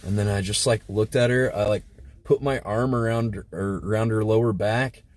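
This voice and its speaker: A man's voice: on the low side, fairly even intonation, normal speed, darkish tone. A man hosting a livestream, telling a crude story in a rambling, casual way with lots of filler words. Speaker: livestream host. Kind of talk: casual storytelling to a live chat.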